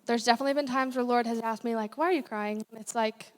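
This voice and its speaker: A young woman with a slightly high voice gives a sermon in a church, talking plainly and candidly and breaking off into asides. Her voice rings out in a long, hall-like reverb. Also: steady tone, fast talker. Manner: candid, conversational preaching with asides and self-corrections. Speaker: guest speaker. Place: church sanctuary.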